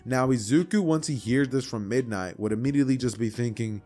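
A man casually narrating a fan story, chatty and loose, with quick asides. His voice sits at an ordinary pitch, and faint music plays underneath. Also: dark tone. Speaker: YouTube storyteller.

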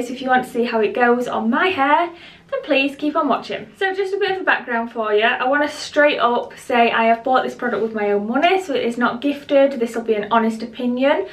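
A woman's voice: a little high, expressive, brisk. A woman beauty vlogger chatting to her viewers at home, rambling a little and a bit out of breath. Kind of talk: casual chat to camera. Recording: roomy echo, voice a bit distant from the mic.

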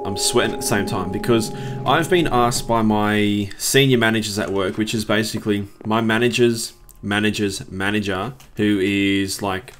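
A young man with a slightly low voice, talking through a game in relaxed, rambling commentary. He chats loosely to his viewers and drops the odd curse when the game annoys him. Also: a little hiss or hum. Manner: rambling, chatty, swears when frustrated. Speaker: let's play host. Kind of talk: casual gameplay commentary.

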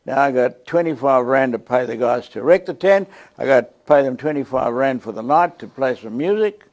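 A man with a South African accent telling a lively testimony story to a church, acting out the scenes as he goes. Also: mid-range voice, brisk. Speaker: guest preacher.

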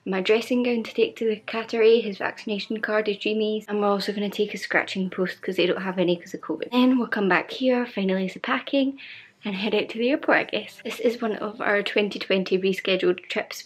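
A young Scottish woman chatting excitedly to camera in a casual travel vlog. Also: medium pitch. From Scotland. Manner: chatty and excited, filming herself. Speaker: travel vlogger.

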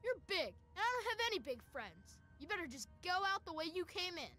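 An actress voicing a small, timid, very high-voiced character in a video game. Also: female voice, big pitch swings, quick pace, bright, forceful tone, faint music behind, heavily acted. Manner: squeaky, timid.

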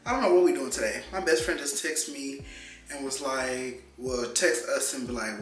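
A young man rambles through a casual vlog, slangy and chatty, now and then leaping up in pitch. The sound is roomy and echoey. Loud music runs under his talk. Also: moderate pace. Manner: chatty, loose and slangy, with abrupt jumps up in pitch. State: out of breath. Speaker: vlogger.

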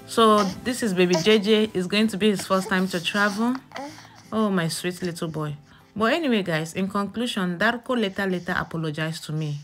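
A woman's voice: medium pitch, moderate pace, over music. A woman narrating a casual family vlog, chatty and tired, often calling her viewers guys. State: tired, exhausted. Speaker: family vlogger.

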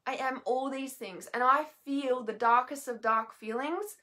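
A woman's voice: high voice, measured pace, pushed and bright. A tired, emotionally worn woman, speaking from bed at home in a raw, unscripted monologue. She swears freely and often trails off and restarts. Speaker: healer and mentor vlogger.

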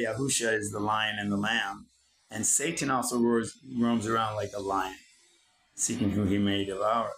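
A foul-mouthed man lecturing in a preachy, blunt monologue, cursing nearly every line. His voice sits at an ordinary middle pitch, and his delivery drifts from hurried to drawn-out as he pauses to write things down. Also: a bit bright, low-quality recording. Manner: swears constantly, preachy and blunt. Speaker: channel host. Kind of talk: profane motivational monologue.

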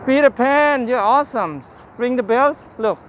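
A man's voice: very high voice, moderate pace, slight background noise. A man hosting a live walking-tour stream outdoors in a city park, chatting cheerfully in simple broken English and thanking viewers by name. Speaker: livestream walking-tour host. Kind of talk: casual live-stream chat.

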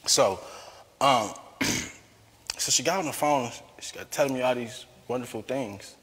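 A man giving a personal testimony as a guest, an animated talker who laughs often. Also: mid-range voice, a little slow, long reverb tail, a little hiss or hum. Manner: lively, laughs often, calls himself a talker.

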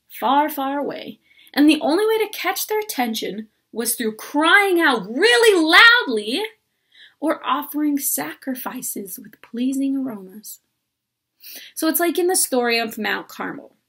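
A woman's voice: high-pitched, a bit bright, slightly rough. A woman preaching a sermon at a church service, conversational and earnest, with playful asides.

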